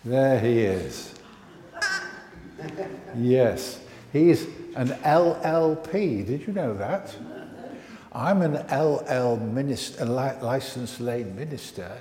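A man, a licensed lay minister, leading a family service with a puppet, gentle and coaxing with children. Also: medium pitch, animated, slow pace, a little hiss or hum. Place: church. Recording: echoey church hall.

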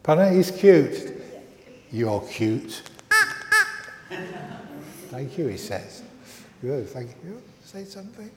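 A man leading a church service, reading scripture and then speaking to children in a measured, expressive way. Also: mid-range voice, a little hiss or hum. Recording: echoey, reverberant large room.

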